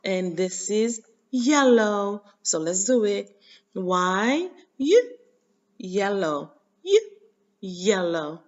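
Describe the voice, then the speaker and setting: Woman, Haitian accent, teacher, children's phonics lesson, sing-song call-and-response, slow pace, muffled lo-fi sound. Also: mid-range voice.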